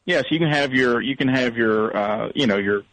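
A man's voice: mid-range voice, moderate pace, a crowd in the background, rough recording. Polite, hesitant male caller from Alabama. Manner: polite, hesitant, dry humor. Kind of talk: call-in radio chat.

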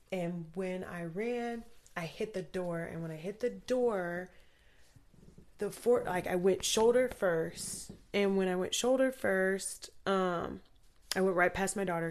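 A woman guest recounting a frightening personal story, talking urgently with lots of fillers. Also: fairly low pitch. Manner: urgent, vivid retelling with many fillers.

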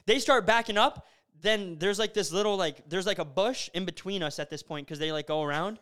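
Telling a story in loose, animated conversation, this young podcast host speaks fairly quickly in a high, smooth, resonant voice. He relies heavily on fillers, dropping "bro" and "like" often.

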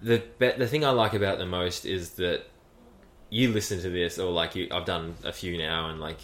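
A man's voice: low voice, steady tone, normal speed, a bit bright, echoey room. A man hosting a podcast in casual chat, rambling with lots of "like" and frequent laughter. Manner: rambling, heavy use of "like", laughs often. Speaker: podcast host.

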